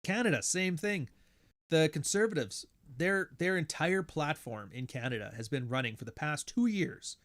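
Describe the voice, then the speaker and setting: A man with a slightly high voice rants casually as a podcast host. His delivery is blunt, sardonic and heavy on profanity. He keeps it animated and drops in quick mimicry of the people he describes. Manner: animated, mimics others mid-story. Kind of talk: casual ranting monologue.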